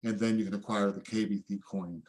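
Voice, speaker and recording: A man presenting at a live online event, excitable and preachy, calling on viewers to answer in the chat. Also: on the low side, fairly quick. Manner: excitable, preachy, calls for audience responses.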